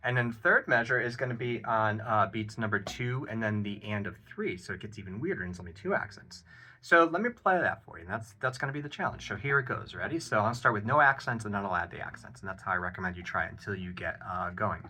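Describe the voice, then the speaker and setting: A man giving a casual drum lesson, counting beats aloud and explaining an exercise in a relaxed, encouraging way with plenty of ums and uhs. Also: lowish voice, fast. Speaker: drum teacher. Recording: loud drum playing behind the voice. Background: drum kit playing.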